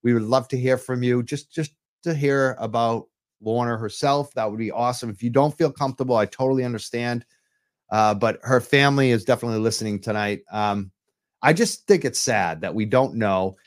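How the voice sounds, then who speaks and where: A man's voice: mid-range voice, brisk. Impassioned man hosting a livestream. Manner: impassioned, urgent advocacy. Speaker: livestream show host. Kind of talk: live-streamed talk show. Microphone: computer mic while on webcam.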